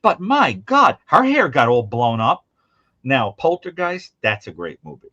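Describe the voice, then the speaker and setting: Unhurried and muffled, with no room sound, a man co-hosts a call-in show chatting casually about horror films. He's an animated storyteller who acts out lots of quotes in high, mimicking voices.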